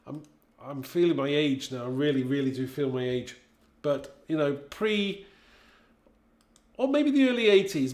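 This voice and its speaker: A man's voice: fairly high pitch, reverberant. A man in his fifties from Britain, hosting a live craft stream in a casual, chatty way, reading viewers' comments aloud and laughing often. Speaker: craft livestream host.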